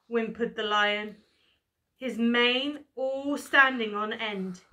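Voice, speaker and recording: A woman's voice: fairly high pitch, bright, forceful tone. A woman teacher reading a picture book aloud to children. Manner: slow, clear storybook reading. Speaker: primary school teacher.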